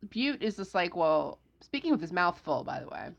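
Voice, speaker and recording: Woman, low voice, gravelly fry, casual book recap, animated retelling. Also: moderate pace, highs cut off. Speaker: podcast co-host recapping a novel. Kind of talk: casual book discussion chat.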